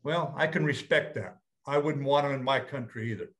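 An older man, a retired general, telling a story to an audience in a plain-spoken, blunt way and slowing down to stress his points. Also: mid-range voice, a bit bright. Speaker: retired general, guest speaker.

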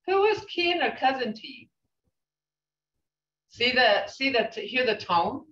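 An older woman teaching a language class, speaking slowly and repeating phrases with emphatic questions. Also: mid-range voice, sharp tone. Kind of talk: language lesson. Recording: roomy, distant, dull sound.

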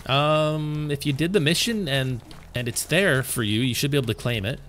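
A man's voice: mid-range voice, moderate pace, fairly bright tone, a little hiss or hum. A man streaming live gameplay, chatting casually and answering his viewers' questions while sounding tired. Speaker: game streamer.

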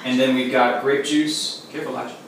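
A man teaching a small group in a relaxed, casual way, with frequent fillers as he explains. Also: medium pitch, brisk. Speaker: teacher leading a Sabbath demonstration. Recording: very echoey room, distant mic, faint noise.

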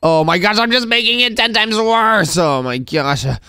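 A man's voice: high voice, animated, normal speed, bright, forceful tone, clean tone, no room sound, heavily acted. A man voicing a whiny, fed-up game baby. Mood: exasperated. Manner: complaining, exasperated. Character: whiny overworked baby boy. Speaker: channel's main character. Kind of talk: game role-play.

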